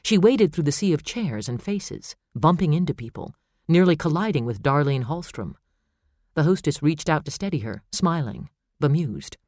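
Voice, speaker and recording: A man narrating a suspense novel in steady, measured storytelling. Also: on the high side, no room sound, studio quality. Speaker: audiobook narrator. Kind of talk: scripted narration.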